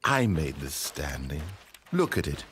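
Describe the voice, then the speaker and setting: A man's voice: very deep voice, sing-song, unhurried, fairly bright tone, slight background noise, exaggerated voice. A man voicing a pompous, condescending male game narrator in a comedy parody, speaking in a grandiose, theatrical way.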